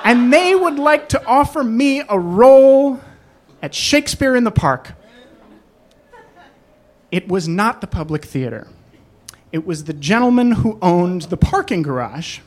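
A storyteller telling a personal story on stage, animated and acting out every quote. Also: medium pitch.

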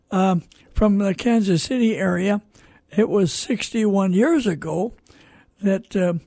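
Older guy on christian radio, gravelly voice, dry close mic, slow folksy asides. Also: sits high, no echo. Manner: slow, warm-hearted, preacherly asides. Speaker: radio host and network founder.

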